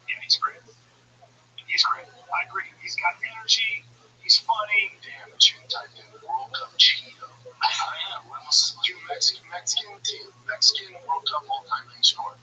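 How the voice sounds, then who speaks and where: Livestream host, male, bright sharp tone, stammering profane rambler. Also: very high-pitched, huge pitch swings, moderate pace, recorded from a distance, poor audio. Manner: rambling, profane, repeats himself; stammering restarts. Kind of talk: casual livestream chat.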